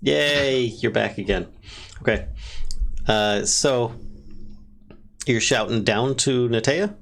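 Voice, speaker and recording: A man narrating as the dungeon master of a tabletop game, chuckling often and pausing to restart his sentences. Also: medium pitch, vocal fry, slight background noise. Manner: laughs often, relaxed and unhurried with restarts.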